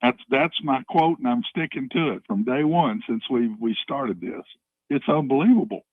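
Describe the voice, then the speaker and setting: An older man in his seventies speaking over a dull, muffled call line. He is a folksy storyteller, and his pitch swings freely as he leans into his points. The sound is dry. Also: animated, moderate pace, no echo. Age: 70s. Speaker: guest on phone line. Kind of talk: casual radio chat.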